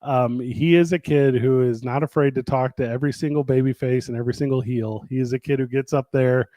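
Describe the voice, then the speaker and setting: A man in an easygoing hosted chat, winding through his thoughts with frequent fillers and self-corrections. His voice sits at an everyday middle pitch, recorded close and dry with no room sound. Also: fairly even intonation, brisk, warm tone, dry recording, lo-fi sound. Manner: rambling, many fillers and restarts. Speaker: wrestling promotion host. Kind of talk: casual chat.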